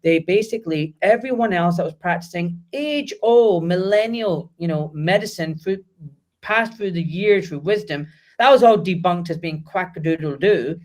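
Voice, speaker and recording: A middle-aged man talking as a guest doctor in a casual interview, animated and emphatic, swearing freely. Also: high-pitched, moderate pace.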